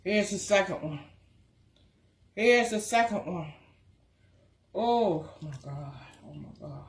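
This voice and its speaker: A woman talking through her cooking in a casual vlog, full of drawn-out excited exclamations. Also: lowish voice, gravelly. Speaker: cooking vlogger. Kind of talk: casual cooking video talk. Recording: echoey room.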